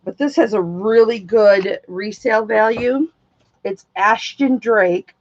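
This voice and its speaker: A woman selling items on a casual live stream, chatty and excitable, swearing casually as she talks to her viewers. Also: mid-range voice. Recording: dull lo-fi dry sound.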